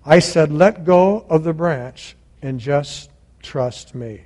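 A man voicing God as a calm, unhurried and gently dry speaker. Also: a little high.

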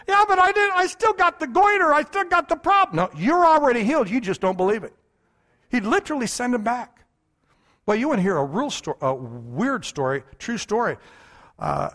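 High-voiced emphatic male preacher. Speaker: pastor. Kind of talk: sermon.

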